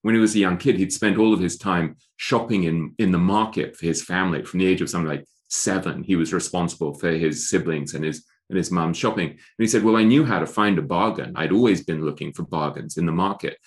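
A man's voice: low-pitched, a little fast, hardly any pauses. A middle-aged man speaking as an author in an interview, thoughtful and given to restarting his sentences. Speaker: author guest. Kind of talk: interview conversation.

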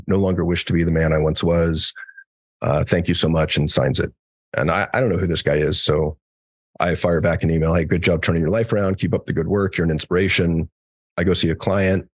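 A man with a very deep, slightly raspy voice talks through anecdotes as a podcast guest, slipping into quoted voices and casual swearing. He speaks in a loose, chatty way full of fillers and restarts. The sound is dry, with no room echo. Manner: animated storyteller acting out quoted dialogue. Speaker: psychologist guest. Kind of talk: conversational podcast storytelling.

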